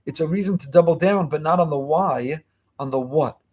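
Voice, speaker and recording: A man giving a fast, emphatic Torah lesson as a rabbi, repeating key phrases. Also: a little high, darkish tone. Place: online class.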